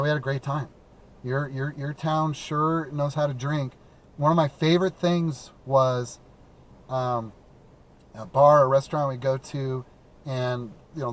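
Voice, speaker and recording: A man's voice: mid-range voice, a little hiss or hum. A man from the American Midwest hosting a call-in talk show from his car, chatting casually and rambling with lots of fillers and restarts. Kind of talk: casual live-stream chat. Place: in a car while driving.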